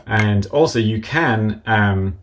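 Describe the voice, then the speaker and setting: A man with a low, gravelly voice gives a live-streamed software tutorial. He works at his computer and talks methodically through each step as he goes. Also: takes it slowly, background noise. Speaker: app developer demonstrating software.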